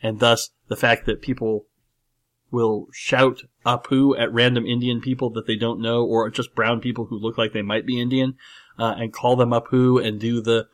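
A man's voice: mid-range voice, level tone, moderate pace. Man, podcast host, casual film talk, rambling, emphatic, lots of ums. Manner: rambling and emphatic, many fillers and restarts. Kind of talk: casual movie discussion.

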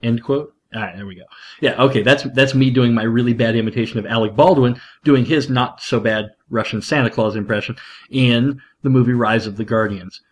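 Excitable male podcast host, laughs often, restarts sentences, casual monologue. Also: mid-range voice, brisk.

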